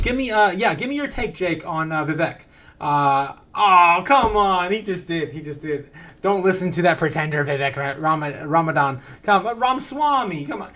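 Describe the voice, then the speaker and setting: A male livestream host with a notably high voice talks casually and excitedly. He laughs often, reads chat messages aloud and jumps between topics. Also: normal speed.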